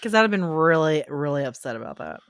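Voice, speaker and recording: A woman's voice: deep voice, big pitch swings, clean tone, no room sound, clean studio sound. Chatty woman reacting in casual talk. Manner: reactive, chatty, quick to laugh. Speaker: podcast co-host. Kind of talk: casual chat.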